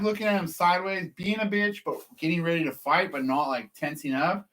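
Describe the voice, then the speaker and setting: A man's voice: a little high, steady tone, a little fast, fairly bright tone. A man from California, rambling through a casual story to the camera, swearing often and laughing at himself. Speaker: process server vlogger.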